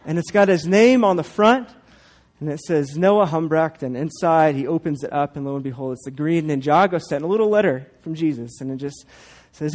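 A man's voice: fairly high pitch, a little fast, darkish tone. A man in his thirties, a pastor, preaching a sermon and telling a family story with playful asides.

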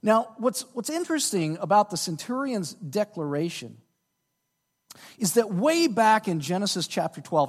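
A male pastor preaching with a high, lively voice that rises and falls freely. He drives his points home with emphasis and keeps checking in with the congregation. The sound carries a long reverb from a big church hall. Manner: emphatic preaching with frequent "okay?" check-ins. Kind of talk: sermon.

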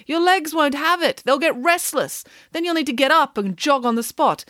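A woman's voice: high voice, moderate pace, fairly bright tone, dry recording, clean studio sound, pitched above the performer's own voice. A woman playing a bossy grand pig nanny. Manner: emphatic, theatrical and self-assured.

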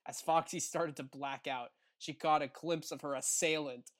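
A man's voice: a little high, fairly even intonation, normal speed, fairly bright tone. Wry man reading fan fiction aloud. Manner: wry, laughs while reading. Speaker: podcast co-host.

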